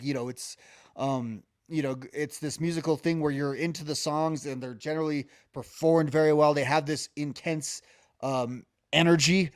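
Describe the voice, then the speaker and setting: A man's voice: on the high side, dry recording. Rambling man on a dry close mic. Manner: rambling, many restarts and fillers, hums melodies. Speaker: podcast co-host. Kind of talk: casual music discussion.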